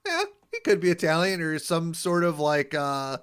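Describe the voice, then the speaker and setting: A man's voice: a little high, normal speed, a bit bright, clear, resonant tone. A man co-hosting a podcast in casual chat, recapping an episode, laughing often and trailing off mid-thought. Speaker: podcast co-host.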